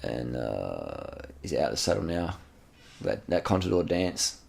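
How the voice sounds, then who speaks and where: A man with a very low, gravelly voice talks over race footage in a loose, excited way. He repeats himself, slips in slang and swears casually, like he's chatting to a mate. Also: unhurried. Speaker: channel host.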